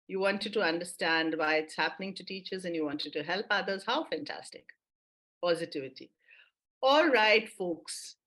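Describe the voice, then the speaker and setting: A woman's voice: a little high, pushed and bright. A woman leading an online mindfulness workshop for teachers, upbeat and encouraging, with lots of praise for her audience.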